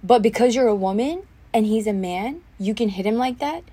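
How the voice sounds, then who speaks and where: A woman's voice: on the high side, normal speed, dark tone, slightly rough. A young woman hosting a solo podcast, telling a story in a heated, indignant way, full of fillers and restarts. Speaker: podcast host.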